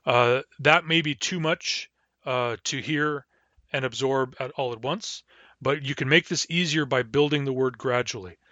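A man teaching a language lesson, explaining the grammar patiently and step by step and slowing down to sound out each word. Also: medium pitch, sharp tone, no room sound, lo-fi sound. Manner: patient, explains step by step, slows down to model words.

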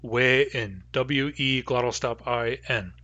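A man giving a recorded language lesson, pronouncing example phrases slowly and carefully. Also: medium pitch, pushed and bright, no room sound, muffled recording. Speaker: language teacher.

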